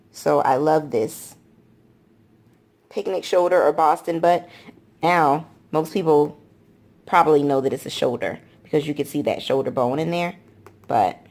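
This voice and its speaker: Woman, low gravelly voice, chatty gushing vlogger walking through a product. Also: a little mellow. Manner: chatty, gushing, repeats "I love". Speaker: planner vlogger. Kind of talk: casual product walkthrough.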